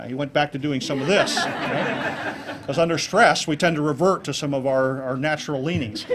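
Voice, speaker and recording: A man speaking a touch higher than most, delivering a keynote on public speaking to a club audience. He is lively and jokey and acts out little examples as he goes. A faint hiss of room noise sits under the voice. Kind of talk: public speaking talk on presentation skills.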